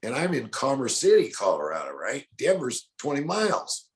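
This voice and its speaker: A man's voice: mid-range voice, wildly swooping pitch, moderate pace. An older man in his sixties with a drawl, telling folksy stories as an interview guest. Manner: folksy, acts out other people's lines in the stories he tells. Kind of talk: casual storytelling.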